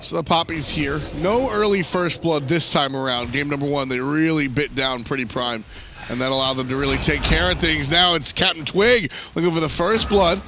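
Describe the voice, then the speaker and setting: Here a male esports caster with a voice on the high side speaks at a moderate pace over background noise. He breaks down picks and items live, analytical yet chatty, with lots of restarts.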